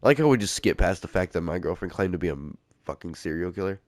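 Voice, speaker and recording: A young man with a fairly low voice tells a story on his podcast. He rambles, swears freely and pads his sentences with "uh" and "like". The sound is close and dry. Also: lively intonation, fast talker, no echo. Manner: rambling and profane, heavy filler words. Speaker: podcast host. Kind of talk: casual storytelling.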